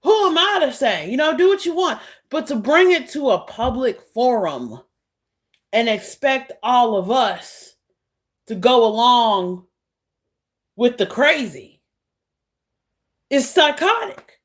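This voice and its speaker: A woman's voice: a little high, very animated, slow pace, pauses often. A woman vlogger speaking in a heated, blunt, sarcastic monologue. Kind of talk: casual monologue to camera.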